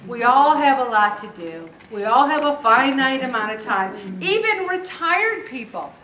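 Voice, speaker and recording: A woman's voice: high voice, animated, measured pace, fairly bright tone, distant mic, a little hiss or hum. A woman leading a support group, chatty and joking, who acts out the voices of the people she quotes. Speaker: weight loss group leader. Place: meeting room with a group. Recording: echoey room, voice picked up from afar.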